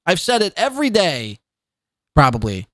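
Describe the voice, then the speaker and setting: A man's voice: a little high, huge pitch swings, moderate pace, a bit bright, no echo, clean studio sound. A man in his thirties hosting a podcast, giving mocking, sarcastic commentary on clips. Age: 30s. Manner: sarcastic, derisive, repeats words for laughs. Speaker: podcast host.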